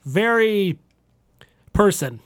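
A man's voice: sits high, animated, no echo. A man playing in a tabletop game, bantering playfully in character. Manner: playful, bantering, quick to laugh. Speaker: player. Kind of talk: tabletop game role-play.

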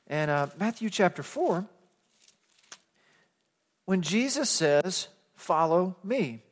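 Pastor preaching in a reverberant sanctuary. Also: male voice, high-pitched, very animated, slow. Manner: conversational storytelling, rising to impassioned emphasis. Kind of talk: sermon. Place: church sanctuary. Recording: long reverb of a church sanctuary.

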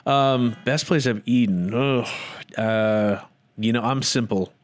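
A wedding photographer chats casually on a podcast in a slow, mid-range voice. He's a rambling storyteller who slips into voices to act out what people said.

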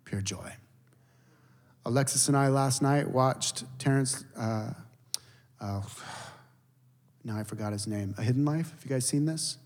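A man preaching a sermon as a pastor, telling stories with animated emphasis and dropping to hushed, intense moments. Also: medium pitch, moderate pace, pauses often. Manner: animated storytelling, shifts between loud emphasis and hushed intensity. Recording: long reverb of a large hall.

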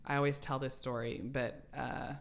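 A woman's voice: very deep voice, flat delivery, moderate pace, creaky. A woman in her forties, an author being interviewed, telling stories animatedly and laughing often. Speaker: author guest. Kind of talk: casual interview chat.

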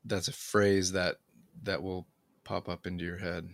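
A man in casual conversation, talking in a halting, reflective way with many fillers and restarts. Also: low voice, level tone, gravelly, no room sound, clean studio sound. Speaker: conversation partner.

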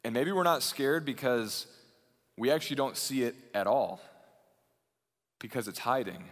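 A man preaching a sermon as a pastor, shifting between raised intensity and hushed, quiet passages. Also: medium pitch, lively intonation, a little slow. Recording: long hall reverb.

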